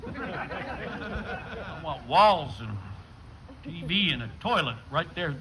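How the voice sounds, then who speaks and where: Older male stand-up comic with a lively, slightly high voice, deadpan delivery, taped outdoors with noise behind. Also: slow, pauses often. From western New York. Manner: deadpan storytelling with acted dialogue bits. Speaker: stand-up comedian. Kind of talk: stand-up comedy set. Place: outdoor show with a live audience.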